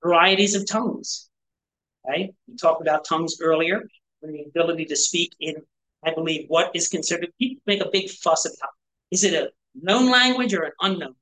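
A man's voice: fairly high pitch, normal speed, sharp tone, poor audio. A male pastor giving a conversational sermon to a small church group, full of rhetorical questions and asides. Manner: rhetorical questions, frequent "right?" and "you know". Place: church gathering.

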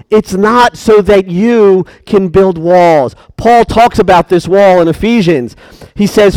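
A man's voice: high-pitched, unhurried, a little mellow, dry recording. A man preaching a sermon, emphatic and questioning his congregation.

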